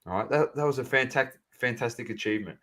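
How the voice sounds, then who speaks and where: A man co-hosting a sports podcast, chatting casually and animatedly, calling out to the audience as ladies and gentlemen. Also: medium pitch, fast talker. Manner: animated, banter-heavy, addresses listeners as ladies and gentlemen. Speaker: podcast co-host.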